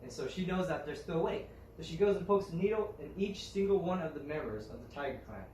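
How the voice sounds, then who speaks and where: A young man retells a folk tale, pausing often and restarting his phrases. His voice sits a little high for a man. He is heard from a distance in an echoing room with faint ambience behind. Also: lively intonation, a little mellow. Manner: halting, with fillers and restarts.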